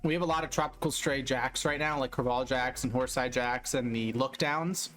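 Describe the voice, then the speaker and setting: A man's voice: medium pitch, fairly quick, a bit bright, faint music behind. Wry, offhand male streamer. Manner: offhand, wry reactions with mild swearing. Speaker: streamer reading fishing news. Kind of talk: casual live-stream commentary.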